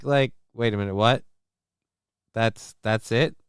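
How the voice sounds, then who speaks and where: A man's voice: fairly low pitch, slow pace, clean tone, no echo, clean studio sound. A man hosting a casual livestream, rambling crudely, reacting to clips and reading chat aloud while feeling sick. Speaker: livestream host.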